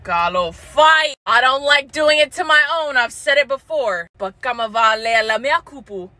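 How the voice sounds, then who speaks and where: A young woman roasting men in a brash, profane comic reaction, breaking into loud laughter between jabs. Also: sits high, normal speed, no room sound. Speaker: TikTok creator roasting men.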